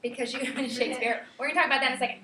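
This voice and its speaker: A teacher with a high, bright voice leads a classroom lesson, racing along in a lively, chatty way and checking in with the class constantly. The audio sounds roomy and distant, like a camera across the room picked it up, with slight background noise.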